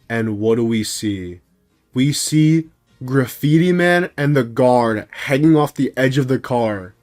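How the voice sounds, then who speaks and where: A man's voice: mid-range voice, darkish tone. A young man telling a comedic story to his viewers, hyped and jokey. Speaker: storytime video creator.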